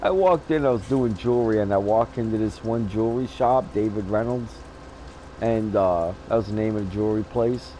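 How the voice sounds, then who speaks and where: A man's voice: fairly low pitch, moderate pace, dark tone, a little hiss or hum, poor audio. A man in his fifties hosting a gaming channel, chatting casually and telling blunt stories with frequent laughter. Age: 50s. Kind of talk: casual chat while gaming.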